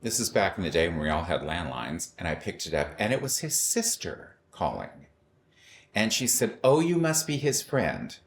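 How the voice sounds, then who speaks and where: A middle-aged man with a notably deep, low-pitched voice shares a personal story. He tells it with wry humor and animation, slipping into the voices of the people he describes. A faint background noise sits under his voice. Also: very animated, moderate pace, a bit bright. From Los Angeles.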